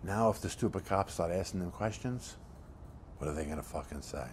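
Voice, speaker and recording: A man playing a deep-voiced profane hulking crook. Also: fairly quick, a little hiss or hum, close to an everyday voice. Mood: instructive. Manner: blunt, swears constantly, streetwise lecturing. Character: hulking profane criminal man, coldly scheming. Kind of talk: low-budget film monologue.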